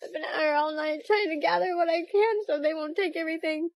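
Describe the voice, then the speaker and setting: A woman's voice: very high-pitched, steady tone, quick pace, no room sound. A sick woman living in an RV, talking upset with her voice breaking into tears and coughing. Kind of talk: street interview.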